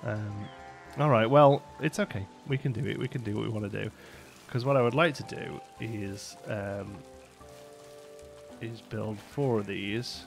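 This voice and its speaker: A man's voice: fairly low pitch, a little slow, gravelly, faint music behind. Chatty man narrating his gameplay. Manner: chatty, rambling, laughs often. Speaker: let's play host. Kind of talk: casual gameplay commentary.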